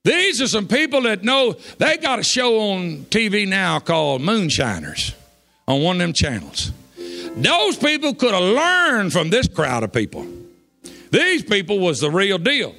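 A man preaching, telling a folksy story that builds to shouts of praise. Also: high-pitched, huge pitch swings, unhurried, gravelly, soft background music. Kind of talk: sermon storytelling. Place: church.

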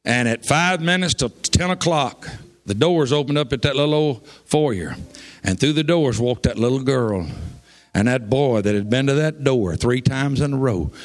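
A man preaching, telling a folksy story that builds to shouts of praise. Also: medium pitch, normal speed. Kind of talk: sermon storytelling. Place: church.

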